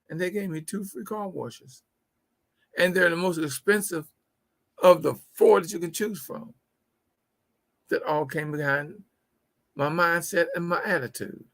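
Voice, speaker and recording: A man's voice: high-pitched, a little slow, pauses often, fairly bright tone. A middle-aged man hosting a business talk show, telling stories in a folksy, preachy way and repeating his key phrases. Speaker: host.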